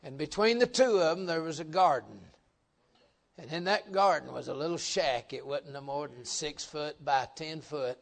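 A middle-aged man preaching a folksy revival sermon, joking with the congregation and swelling into loud emphatic bursts. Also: a little high, moderate pace, vocal fry.

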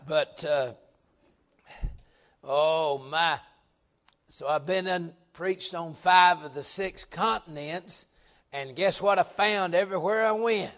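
Folksy preacher, joking and emphatic. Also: male voice, fairly high pitch, slow, long pauses, fairly bright tone. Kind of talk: folksy revival sermon.

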